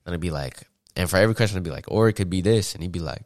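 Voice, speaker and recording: A young man from Atlanta, a podcast guest, telling stories in a casual, slangy, animated way and laughing often. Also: sits low, racing, no room sound, clean studio sound. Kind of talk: casual storytelling.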